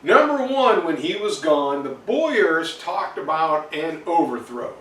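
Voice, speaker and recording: A man's voice: a little high, very animated, takes it slowly, a bit bright. A man teaching an exam review lecture in a casual, digressive way with many fillers. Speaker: history teacher. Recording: roomy, distant mic, faint noise.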